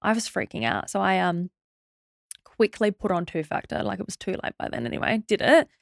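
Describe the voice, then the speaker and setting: A young woman telling a stressful story as a podcast guest, in a quick, animated way with many fillers and restarts. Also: mid-range voice, vocal fry, no echo, studio quality. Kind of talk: casual storytelling interview.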